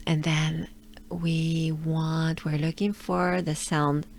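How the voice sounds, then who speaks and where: A woman's voice: low-pitched, animated, extremely slow, creaky, pauses often. A woman from France with a French accent, teaching pronunciation patiently and drilling each sound again and again. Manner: patient, repeats sounds many times, laughs lightly. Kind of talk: slow drilled pronunciation lesson.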